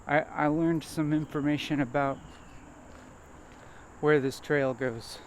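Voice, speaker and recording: A man vlogging as he walks a nature trail, thinking aloud in a halting, hesitant way and repeating words. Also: fairly high pitch, fairly even intonation. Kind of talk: rambling self-reflective monologue while walking. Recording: faint outdoor noise.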